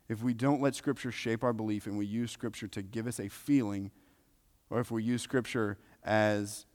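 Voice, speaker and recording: Emphatic low-voiced male preacher. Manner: emphatic, repeats key phrases, swings between loud and soft. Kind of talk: sermon. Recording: long reverb of a large hall.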